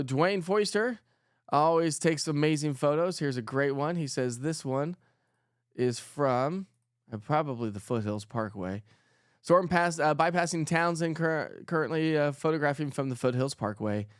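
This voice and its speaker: A man's voice: on the high side, clear, resonant tone, no room sound, clean studio sound. A middle-aged man hosting a casual weather livestream, chatting with viewers and reading their comments aloud. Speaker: weather show host.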